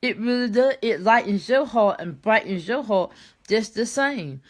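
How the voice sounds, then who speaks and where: Older lady chatting live with viewers, warm folksy voice, a bit high, repeats herself. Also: lively intonation, unhurried. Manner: chats with viewers by name, repeats herself, laughs easily. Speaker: live stream host. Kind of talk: casual live chat with viewers.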